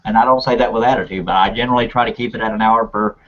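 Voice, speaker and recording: A man's voice: on the low side, fairly even intonation, rapid-fire, highs cut off. A man hosting a live online hangout, chatty and rambling, laughing often. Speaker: host.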